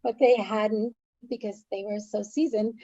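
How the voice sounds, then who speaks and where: A middle-aged woman from upstate New York telling her life story as a guest in an interview, animated and laughing often as she acts out dialogue. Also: mid-range voice, unhurried, highs cut off. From Albany, New York. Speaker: makeup artist, podcast guest.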